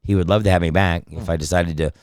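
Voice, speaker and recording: A man's voice: deep voice, steady tone, fast, darkish tone, clear, resonant tone, dry recording, studio quality. A man who is a comedian and voice actor, telling stories in casual podcast chat with lots of swearing and fillers. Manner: storytelling, profane, lots of fillers. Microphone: studio microphone.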